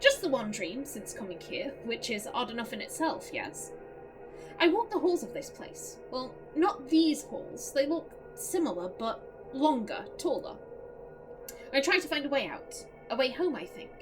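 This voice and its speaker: A woman reading a wary Brazilian woman's game dialogue aloud in her own voice, in a hushed, suspicious way. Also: high voice, big pitch swings, measured pace, poor audio. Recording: voice over game music.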